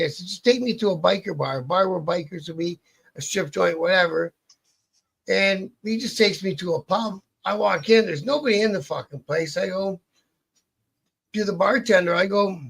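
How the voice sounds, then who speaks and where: With a high voice, vocal fry, a slightly bright tone and a breathy edge, a Canadian biker guest tells a casual story in an interview. He's an outlaw biker, and his telling rambles, swears, and restarts as he cuts himself off.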